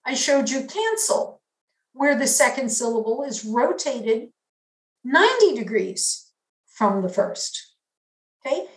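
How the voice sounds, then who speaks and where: Woman lecturer, slightly high voice, unhurried academic delivery, roomy reverb. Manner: measured, explanatory, demonstrating signs. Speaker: linguistics lecturer.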